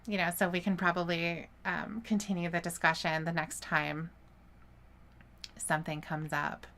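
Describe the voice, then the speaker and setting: A woman's voice: lowish voice, flat delivery, moderate pace, sharp tone. A woman co-hosting a live podcast stream, chatting casually and laughing often in a teasing way. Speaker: podcast co-host.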